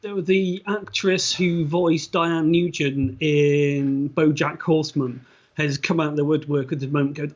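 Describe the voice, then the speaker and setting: A man co-hosting a casual podcast chat, with a fairly high, husky voice. His mic sounds dull and lo-fi, and he talks in a wry, hesitant way that trails off. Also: fairly even intonation, measured pace. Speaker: podcast co-host.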